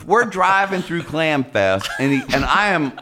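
A man's voice: on the high side, big pitch swings, a little slow, pushed and bright, slight background noise. A man telling a funny story in a casual podcast chat and acting out the voices of other people. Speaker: podcast co-host.

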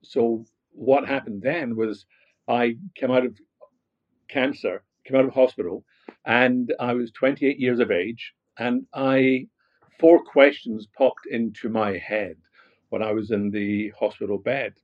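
A man's voice: mid-range voice, fairly even intonation, a little slow, highs cut off. A man from Glasgow with a Scottish accent, a guest telling his life story in a reflective way, with fillers and restarts. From Scotland, Glasgow. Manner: frequent fillers and restarts, rising animation in anecdotes. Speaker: guest, motivational speaker.

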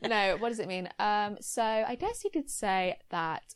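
A woman's voice: medium pitch, unhurried, smooth, no echo, studio quality. A woman, a journalist guest on a podcast, telling stories with giggles and lots of "like". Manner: animated storyteller, giggles, says "like" a lot. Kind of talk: casual interview chat.

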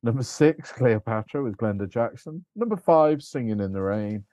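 A man's voice: mid-range voice, lively intonation, normal speed, dark tone, dry recording. A man co-hosting a podcast, mostly adding short agreeing remarks in casual chat. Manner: brief, agreeable interjections. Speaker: podcast co-host.

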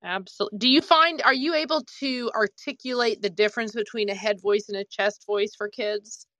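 A woman's voice: a little high, normal speed, fairly bright tone, dry recording, poor audio. A woman co-hosting a podcast, asking a guest questions in a conversational way and rephrasing them as she goes. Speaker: podcast co-host. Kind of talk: interviewing a guest.

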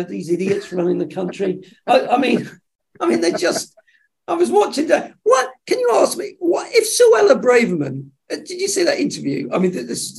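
A man, a television executive, telling lively anecdotes in an interview and acting out the dialogue. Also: high-pitched, vocal fry. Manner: animated storyteller acting out dialogue. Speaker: television executive, podcast guest.

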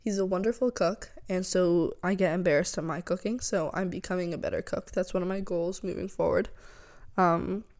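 A woman's voice: fairly low pitch, fairly even intonation, moderate pace, darkish tone. A young woman hosting her own podcast, chatting casually and rambling with lots of fillers. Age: young adult. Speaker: podcast host. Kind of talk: casual solo chat.

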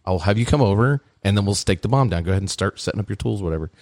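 A man and former army bomb technician, relaxed and matter-of-fact, telling a story from training. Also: lowish voice, racing, no echo, clean studio sound. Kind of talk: casual storytelling chat.

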